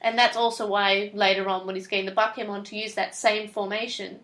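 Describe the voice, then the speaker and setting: A woman's voice: medium pitch, little pitch movement, a little fast, a bit bright. Chatty woman recapping a cartoon. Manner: chatty, recaps plot and acts out lines in quotes. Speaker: podcast co-host. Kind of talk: casual chat.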